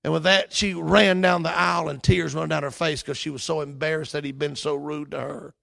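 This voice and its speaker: A man preaching a sermon as pastor, impassioned, his delivery rising to shouts. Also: on the high side, little pitch movement, a little fast, creaky.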